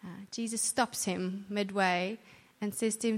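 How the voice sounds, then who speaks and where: In a long, reverberant hall, a woman speaks at church with a steady mid-range voice, a measured pace, and few pauses. Her manner is earnest and warm, conversational, with many restarted sentences.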